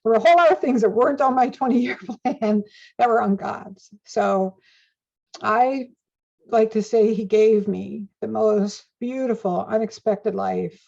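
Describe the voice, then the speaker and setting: Older woman, interview guest, animated, laughs a lot, raised pitch, gravelly, lo-fi muffled recording. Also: measured pace. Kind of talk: conversational interview. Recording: dull lo-fi recording.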